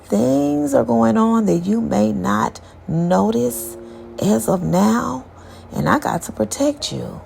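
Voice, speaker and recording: A woman's voice: a little high, lively intonation, slow pace, creaky, darkish tone, a little hiss or hum, heavily acted. A woman voicing a protective, crude-talking male spirit suitor, blunt, profane and sure of himself. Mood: assured. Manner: blunt, profane, self-assured.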